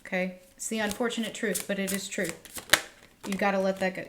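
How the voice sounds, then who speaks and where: A woman's voice: mid-range voice, flat delivery, fairly quick, background noise. A woman giving a tarot reading to her viewers, talking in an earnest, emotional way and repeating herself often. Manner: earnest, repetitive, emotional, addresses viewers directly. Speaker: tarot reader. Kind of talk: spiritual tarot reading monologue.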